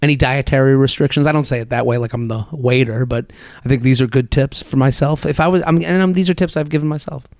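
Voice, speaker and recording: Gravelly-voiced man hosting a solo podcast. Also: mid-range voice, steady tone, fast, a little mellow, no room sound, clean studio sound. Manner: chatty, rambling, self-deprecating. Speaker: podcast host.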